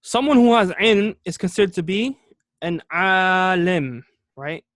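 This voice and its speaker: A man teaching a classroom lesson on Arabic words, speaking in a somewhat high voice. He moves step by step, says important terms slowly and repeats them, and keeps asking "okay?" to check that his students follow. The recording is dry, close and free of room echo. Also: animated.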